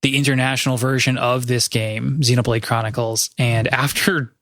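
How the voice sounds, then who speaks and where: A man's voice: mid-range voice, fairly even intonation, normal speed, a bit bright, no echo. Male podcast host, mid-range voice, chatty and meandering with frequent self-corrections, dry mic. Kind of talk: casual chat.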